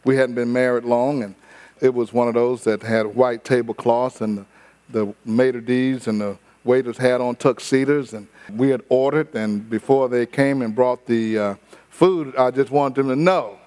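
A man's voice: medium pitch, steady tone, moderate pace, darkish tone. A middle-aged man preaching a sermon, emphatic and repetitive, with touches of humor. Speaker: pastor.

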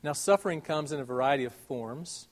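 A male preacher with a slightly raised voice delivers a sermon. He talks to the congregation in a conversational, earnest way, throwing out rhetorical questions. He swings between loud, stressed words and soft, slowly drawn-out ones. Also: fairly high pitch, slight background noise.

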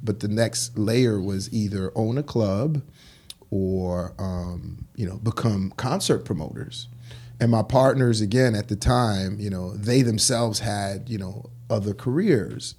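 A man with a low, mellow voice and a husky edge recounts his business history in a relaxed, conversational way. He slips into other voices when he quotes people. He is a guest in an interview. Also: measured pace. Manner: animated, acts out quoted dialogue. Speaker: guest, clothing store founder. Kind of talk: casual interview storytelling.

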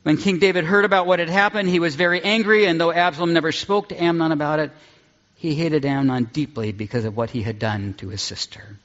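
A man preaching a sermon and reading scripture aloud, earnest and deliberate, dropping low on key words. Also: fairly bright tone. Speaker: pastor. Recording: dull sound in a large reverberant hall.

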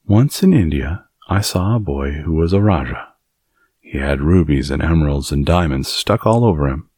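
A man's voice: extremely low pitch, lively intonation, normal speed, a little mellow, slightly rough, no room sound, studio quality, heavily acted. A man reading an audiobook voices a curious, blunt little girl who speaks in a plain, matter-of-fact way. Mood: earnest.

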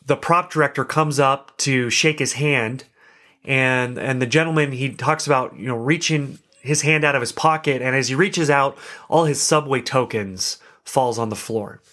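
Young guy podcast host rambling thru a story, jokey and self-deprecating, ordinary middle pitch. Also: moderate pace, sharp tone. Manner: chatty, self-deprecating, laughs now and then. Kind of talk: casual storytelling monologue.

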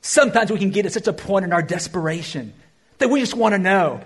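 A male pastor delivers a sermon in a high, husky voice. He swings between loud emphatic peaks and hushed, slowed phrases. His pitch moves widely as he preaches. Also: expressive.

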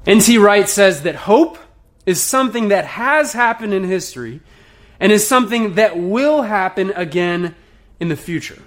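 A man's voice: high-pitched, expressive, moderate pace. A man preaching an earnest sermon to a streamed congregation, mixing scripture reading with casual, conversational asides. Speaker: pastor.

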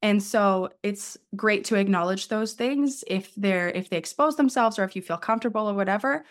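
A woman's voice: medium pitch, moderate pace. A woman life coach speaking as an interview guest, explaining her approach and acting out the inner voices of her clients.

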